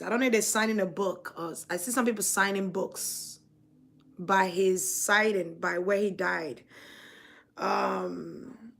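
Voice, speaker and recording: Woman, spiritual reader, channeling, slow, halting, emotional, searching for words. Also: medium pitch, gravelly, fairly bright tone.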